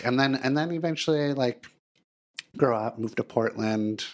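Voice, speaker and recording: A man's voice: medium pitch, normal speed, a little hiss or hum. A man in his forties hosting a podcast, chatting casually and animatedly, acting out the voices of people in his stories. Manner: animated, acts out quoted voices. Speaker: podcast host, therapist. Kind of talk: casual storytelling chat.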